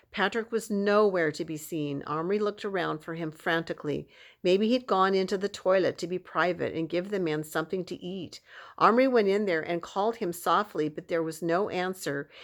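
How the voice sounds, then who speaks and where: A woman reading a children's novel aloud in a steady, expressive storytelling manner. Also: fairly low pitch. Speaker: audiobook reader.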